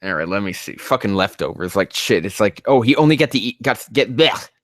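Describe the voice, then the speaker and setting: A man's voice: lowish voice, animated, brisk, fairly bright tone, no echo. Profane, exasperated male commentator. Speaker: fanfiction reader and commentator. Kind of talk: comedic reading commentary.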